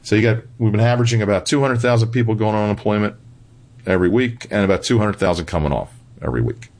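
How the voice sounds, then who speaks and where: A man with a fairly low voice gives blunt financial commentary in an interview. He drives his points home emphatically and keeps checking in with "right?" and "okay?". A dry, sarcastic edge runs through his talk. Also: fast, darkish tone. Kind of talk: interview answers.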